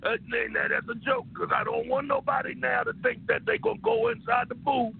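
A man putting on rowdy gravelly old Uncle Ike. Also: very high-pitched, big pitch swings, fairly quick, slight background noise, full character voice. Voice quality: gravelly, shouting. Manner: stammering, boastful, bawdy jokes. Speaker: regular comic character. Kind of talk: comic radio call-in bit. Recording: tinny phone-line radio audio.

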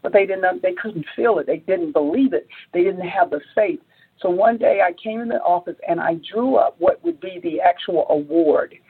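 Very husky woman telling a story. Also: normal speed. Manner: acts out quotes, climbs high when excited, many restarts. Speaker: entrepreneur guest. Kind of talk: animated storytelling in an interview. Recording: phone-like narrow audio.

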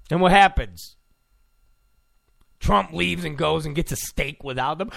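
A man's voice: a little high, measured pace, creaky, long pauses, fairly bright tone. A man ranting sarcastically as a political commentator, mocking and full of insults.

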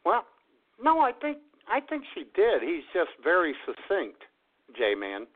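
A man's voice: sits high, huge pitch swings, measured pace. Brief: male sidekick with wildly swooping reactions, playful, tinny phone-like sound. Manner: reactive, mock-amazed interjections. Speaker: radio show co-host. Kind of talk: casual comedy chat.

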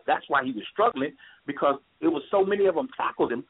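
A man speaks over a thin, phone-like line, his voice a little high and husky. He is calling in to a talk radio show. His pitch swings widely as he drives his points home and repeats them. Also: sing-song, a little fast. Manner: impassioned, repeats points for emphasis.

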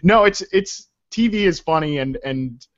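A man's voice: on the high side, animated, a little slow. A man hosting a casual podcast conversation, rambling with many restarts. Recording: dull, muffled lo-fi sound.

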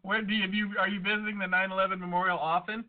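A man hosts a podcast in loose, crude banter. He swears freely and jokes irreverently. His voice sits a little high and comes through a narrow, phone-like line. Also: level tone, very fast, a little hiss or hum. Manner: irreverent, profane, joking. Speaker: podcast host. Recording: tinny phone-like audio.

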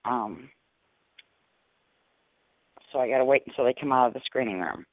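A man's voice: mid-range voice, moderate pace, dry recording. A man co-hosting a casual radio chat and handling the callers, laid-back and offhand. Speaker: show producer and co-host. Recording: tinny phone-line audio.

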